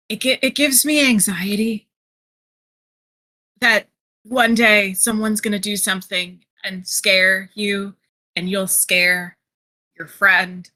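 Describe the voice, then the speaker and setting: Slow, bright-voiced woman role-playing. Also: medium pitch. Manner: fussy, earnest explaining. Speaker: tabletop game player. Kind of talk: in-character role-play chat.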